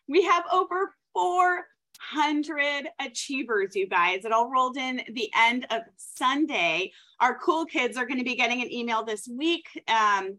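Bright, upbeat woman rushing through shout-outs. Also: a little high. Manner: upbeat, hurried, apologetic about rushing. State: running out of breath. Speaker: host of a team recognition call. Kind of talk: reading out names in a recognition segment.

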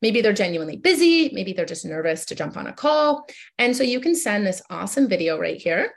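A woman's voice: medium pitch, big pitch swings, brisk, vocal fry. A woman giving an upbeat online sales training, coaching listeners directly and checking in with them often.

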